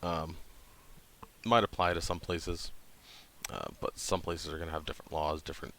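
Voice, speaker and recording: A man in his thirties with a deep, gravelly voice, speaking in a flat monotone and pausing often with hesitant ums. He talks casually to the camera over a faint hiss of background noise. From New Hampshire, USA. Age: 30s. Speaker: channel host.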